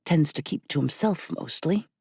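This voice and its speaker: A woman voicing a warm, grieving middle-aged landlady with a thick Irish accent and a lilting, gentle manner. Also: low voice, expressive, moderate pace, husky, dry recording, studio quality, exaggerated voice. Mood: welcoming.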